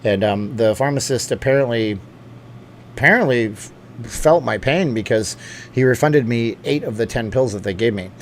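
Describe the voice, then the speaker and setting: A man's voice: medium pitch, moderate pace, slight background noise. A middle-aged man hosting a casual livestream from home, reading chat and rambling with many restarts and asides. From lives in Las Vegas. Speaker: channel host reading live chat. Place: home room.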